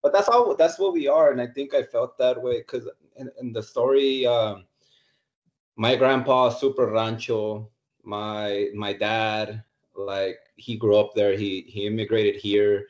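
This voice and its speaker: A man with a lowish voice tells his own story in a relaxed, candid way. He swears freely and slips in Spanish phrases. The audio is muffled and lo-fi. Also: measured pace. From United States. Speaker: podcast guest, business founder. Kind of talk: casual storytelling.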